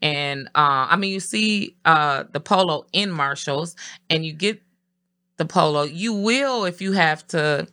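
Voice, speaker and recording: A middle-aged co-host chatting casually. The voice is bright and forceful. They keep the talk going with questions and laugh as they speak. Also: medium pitch, unhurried, clean tone. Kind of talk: casual chat. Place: Mall of America area.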